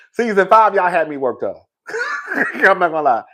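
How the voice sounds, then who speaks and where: A young man giving sassy, dramatic reality TV commentary, swinging between loud outbursts and calm asides. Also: sits high, takes it slowly. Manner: sassy, calls listeners girl. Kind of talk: casual reaction commentary.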